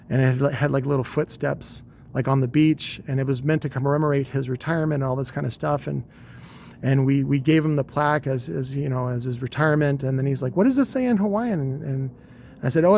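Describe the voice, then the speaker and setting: A man's voice: mid-range voice, little pitch movement, normal speed, creaky, a little mellow, a little hiss or hum. A man in his forties casually telling a long, rambling, profane story with wry humor. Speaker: podcast host.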